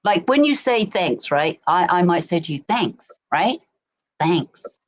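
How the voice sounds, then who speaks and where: A woman's voice: lowish voice, sing-song, moderate pace, rough recording. Middle-aged woman, berkshire english accent, chatty storytelling on a stream, keeps saying do you know what i mean. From England. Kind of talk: casual chat. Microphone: desk mic.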